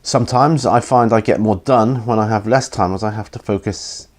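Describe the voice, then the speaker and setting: A tired man hosting a hobby Q&A, rambling and hesitant with many pauses and ums, yawning as he goes. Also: lowish voice. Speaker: hobby channel host answering viewer questions. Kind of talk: casual Q&A chat.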